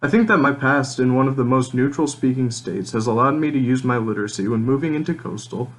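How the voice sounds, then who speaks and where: A young college man from Nebraska talks in a Midwestern accent with a strong Minnesotan lean. His scripted narration is relaxed and plainspoken, in a voice of middling pitch. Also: fairly quick, low-quality recording. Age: young adult. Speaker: college student.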